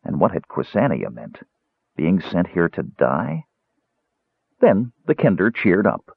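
A man's voice: sits low, huge pitch swings, a little slow, creaky, breathy edge, no echo. A man narrating a fantasy audiobook in a dramatic storytelling manner. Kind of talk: scripted narration. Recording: tinny phone-like dry sound.

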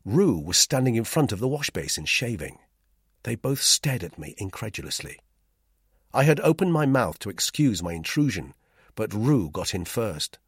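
A man narrating a first-person story as an audiobook, measured and tense, with lively rising stresses. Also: on the low side, slightly rough, no room sound, studio quality.

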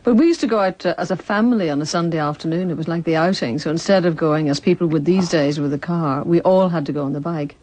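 A woman's voice: low-pitched, fast, hardly any pauses, a little mellow, poor audio. A woman presenting a radio interview, chatting easily and laughing along with her guest.

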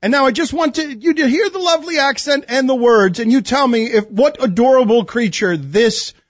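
A man hosting sports talk radio, animated and incredulous, with comic outbursts. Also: very high-pitched, fairly quick, no room sound. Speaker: radio host. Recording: slightly muffled dry studio.

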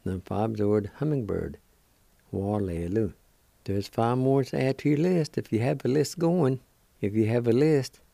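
An older man with a Cherokee accent teaching words slowly and deliberately as a radio language teacher, repeating each one. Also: medium pitch, creaky, mellow, no echo. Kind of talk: slow spelled-out language lesson.

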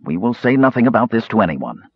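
Guy doing a bland snide mage, low husky voice, dry muffled sound. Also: sing-song, no echo. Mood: cool. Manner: bland, measured, quietly sardonic. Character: hushed, sickly male mage, cool and cutting. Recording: slightly muffled dry recording.

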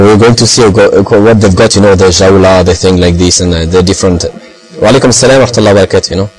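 A man's voice: on the low side, darkish tone, rough recording. Man rambling with many fillers, hum behind. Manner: rambling, heavy use of fillers and Arabic phrases. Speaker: speaker recounting experiences. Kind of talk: casual talk in English.

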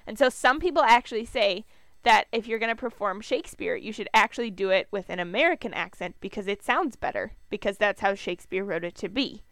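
A woman's voice: medium pitch, a little fast, a bit bright, no room sound. Chatty Minnesotan woman podcaster. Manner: chatty, rambling, giggly. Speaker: podcast co-host. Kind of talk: casual chat.

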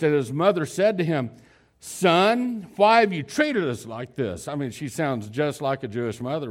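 In this sermon, a male preacher recounts a story in a chatty way, full of fillers and restarts, alternating between forceful emphasis and soft, low delivery.

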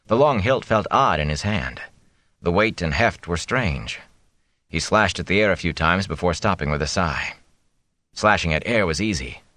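Deep-voiced man narrating an audiobook. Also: animated, moderate pace, pushed and bright, dry recording. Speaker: audiobook reader.

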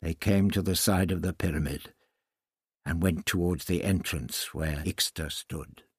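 A male narrator reads a novel in a measured, unhurried way. His voice sits low and has a husky edge, and the recording is dry and close. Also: no room sound. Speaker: audiobook narrator. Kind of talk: scripted narration.

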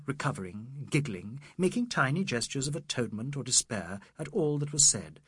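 A man reads a novel aloud in a measured, literary way. His husky voice swings widely in pitch across each sentence, and the recording is dry and close with no room sound. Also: a bit bright, no room sound. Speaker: audiobook narrator. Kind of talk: scripted narration.

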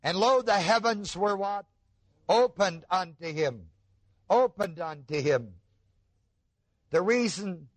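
A man delivers a sermon in a fairly high voice, taking his time and leaning hard on key words. He pauses to ask his listeners rhetorical questions. The recording is dry, with almost no room sound. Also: dry recording. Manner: slow, emphatic preaching with rhetorical questions to the audience. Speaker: preacher.

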